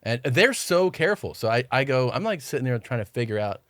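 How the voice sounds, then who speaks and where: A man's voice: mid-range voice, big pitch swings, fairly quick, fairly bright tone, no room sound, clean studio sound. A man guesting on a podcast, telling rambling stories in casual chat and acting out what others said to him.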